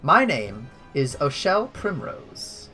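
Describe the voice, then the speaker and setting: A wealthy, theatrical hostess greets the players with grand, formal announcing, slow and loud at the start, as a game master puts her on. Faint music sits behind the voice. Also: a bass voice, very animated, exaggerated voice. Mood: grandiose. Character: grand wealthy woman tournament host, theatrical. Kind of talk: tabletop game character voice.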